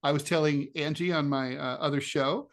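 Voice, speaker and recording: A man's voice: a little high, fairly even intonation, moderate pace. A middle-aged man from the United States co-hosting a political podcast, talking in a chatty, sardonic way with many fillers and restarts. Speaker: podcast co-host, political cartoonist. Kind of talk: casual political chat.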